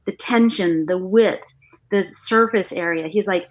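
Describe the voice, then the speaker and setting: Animated middle-aged woman telling a story. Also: mid-range voice, a little slow. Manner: animated storyteller, acts out quoted dialogue. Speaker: guest, author and former acupuncturist. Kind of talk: casual storytelling interview.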